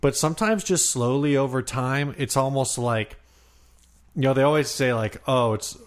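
A man's voice: medium pitch, moderate pace. A man co-hosting a podcast, explaining things in a loose, rambling way. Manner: rambling, lots of fillers and restarts. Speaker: podcast co-host. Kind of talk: casual chat.

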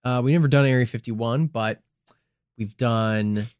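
A man co-hosts a casual podcast, rambling, swearing and joking his way through his points. His medium-pitched voice is clear, resonant and darkish, at a measured pace, recorded dry in a clean studio.

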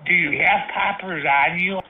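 A man's voice: sits high, normal speed, background noise. A man making crude prank phone calls, rambling, stammering and talking lewdly. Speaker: prank caller. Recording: tinny phone line.

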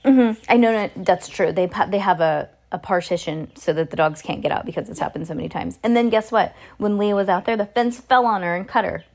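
A chatty woman in a mid-pitched voice, talking loosely and apologizing before she settles into reading a chapter aloud. Her delivery is casual and unpolished. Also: a little fast, gravelly, few pauses, a little mellow. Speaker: reader. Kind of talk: casual read-aloud of a novel.

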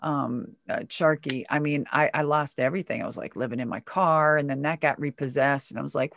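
A woman from Minnesota telling her life story casually in an interview, jumping up in pitch when she acts out what people said. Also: brisk, creaky, hardly any pauses, no echo. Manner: animated, swings pitch for quoted voices. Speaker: guest.

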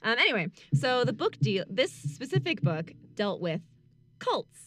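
A woman's voice: on the high side, measured pace, no room sound. Giggly woman host with a dry sound. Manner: giggly, animated, reads excerpts carefully. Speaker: podcast co-host presenting the case. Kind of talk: casual chat and reading aloud.

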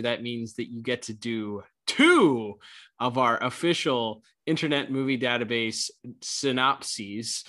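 A man's voice: mid-range voice, pushed and bright. A man co-hosting a podcast who rambles chattily and laughs easily. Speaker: podcast co-host. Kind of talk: casual podcast review chat.

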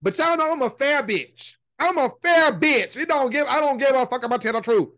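A woman with a high voice holds forth as a podcast host, swearing constantly and leaning hard on every curse. Her talk is casual commentary delivered as an emphatic rant. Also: expressive, a bit bright. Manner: profane, emphatic, drawn-out swearing.

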